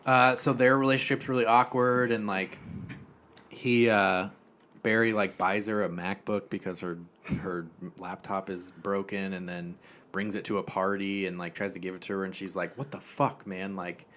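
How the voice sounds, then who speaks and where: A man co-hosting a podcast in casual chat, recapping a show with profanity and animated storytelling. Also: fairly low pitch, slight background noise. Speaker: podcast co-host.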